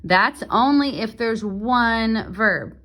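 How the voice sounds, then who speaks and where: Slow, patient woman teaching a lesson. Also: fairly high pitch, lively intonation, a bit bright. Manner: slow, patient explaining with fillers. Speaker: French teacher. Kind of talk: casual recorded lesson. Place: home.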